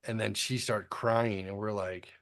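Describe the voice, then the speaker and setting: A middle-aged man with a fairly low voice, talking through a long story in a relaxed podcast chat. He rambles, restarts and fills pauses with ums and uhs, and he swears bluntly and casually. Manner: rambling storytelling with frequent fillers. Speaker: podcast co-host.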